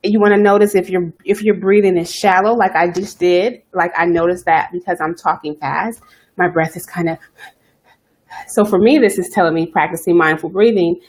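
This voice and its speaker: A woman hosting a self-care live stream, talking fast and chatty, greeting viewers by name as she coaches. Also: on the low side, steady tone, darkish tone. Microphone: webcam or phone live stream.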